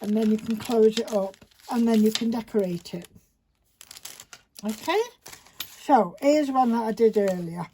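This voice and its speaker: A woman's voice: fairly high pitch, unhurried, long pauses, mellow. Chatty woman crafting on camera. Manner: chatty, rambling, talks to herself while working. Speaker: crafter demonstrating a project. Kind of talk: casual craft tutorial chat. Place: indoors at a craft table. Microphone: phone camera. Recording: faint background noise with paper crinkling.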